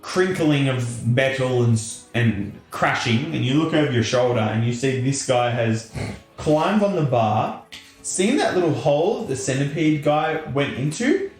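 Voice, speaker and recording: A man's voice: mid-range voice, lively intonation, measured pace, echoey room, soft background music. A man narrating a tabletop game as game master in a loose, casual way. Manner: laughing, loose and casual, many fillers.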